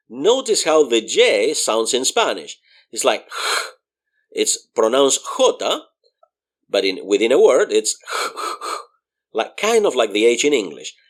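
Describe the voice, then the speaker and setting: A man teaching a beginner Spanish lesson, spelling words out letter by letter and patiently explaining pronunciation with repeated examples. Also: mid-range voice.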